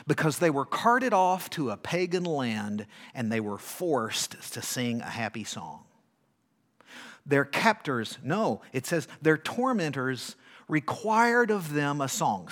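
Slow, dramatic male preacher. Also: medium pitch. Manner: dramatic readings, swings from loud to hushed; asks the congregation questions. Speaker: pastor. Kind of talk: sermon.

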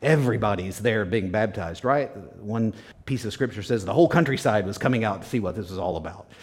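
A man's voice: lowish voice, a little fast. A man preaching a sermon as pastor, emphatic and repetitive, sometimes dropping to a near whisper. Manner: emphatic, repeats key words, drops to a whisper at times.

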